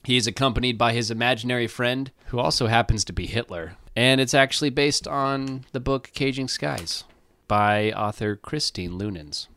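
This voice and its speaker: A man's voice: medium pitch, moderate pace, a bit bright, no room sound. A man co-hosting a casual film podcast, answering with wry, sarcastic banter. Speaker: podcast co-host. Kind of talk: casual chat.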